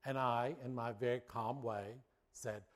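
A man's voice: medium pitch, unhurried. Storytelling male pastor preaching. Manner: lively storyteller, builds suspense then makes a point. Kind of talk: sermon with personal anecdote.

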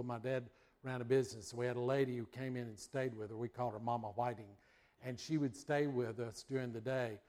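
A middle-aged man from the United States preaching a sermon, telling a childhood story in a folksy way. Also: medium pitch. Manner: folksy storytelling, acts out voices and barks.

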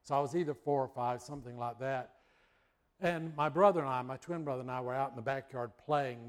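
A middle-aged man from the United States preaching a sermon, telling a childhood story in a folksy way. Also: mid-range voice. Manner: folksy storytelling, acts out voices and barks.

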